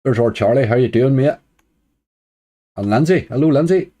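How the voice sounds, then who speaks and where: Mellow-voiced man chatting on a live stream. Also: mid-range voice, animated, normal speed. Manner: chatty, greets viewers by name, chuckles. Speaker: slots streamer greeting chat. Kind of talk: casual live-stream chat.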